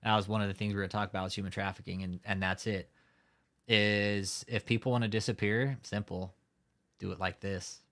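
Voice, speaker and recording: A man's voice: fairly low pitch, flat delivery, brisk, fairly bright tone. A man hosting a live stream, talking in a heated, profane rant and often swearing. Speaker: livestream host. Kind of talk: angry live-stream commentary.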